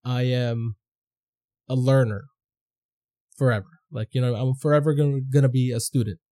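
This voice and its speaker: Mellow-voiced man rambling on a podcast. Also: medium pitch, normal speed. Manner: rambling, profane, animated. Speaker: podcast host. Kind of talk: casual opinion monologue.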